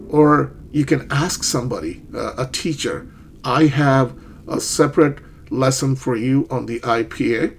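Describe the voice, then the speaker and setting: A man's voice: medium pitch, breathy edge. A middle-aged man teaching an online English lesson, explaining steps and checking in with "okay?" and "right?".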